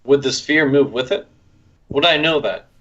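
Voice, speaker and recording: A man playing a tabletop game, speaking slowly and deliberately and asking about the rules before he acts. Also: mid-range voice, fairly bright tone, highs cut off. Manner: slow, deliberate, asks rules questions. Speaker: player. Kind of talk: casual tabletop play.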